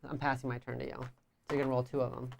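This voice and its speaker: Low-voiced woman talking through her moves. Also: little pitch movement, racing, vocal fry, slight background noise. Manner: teasing, thinks her moves through aloud. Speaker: board game player and co-host. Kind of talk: casual board game playthrough chat.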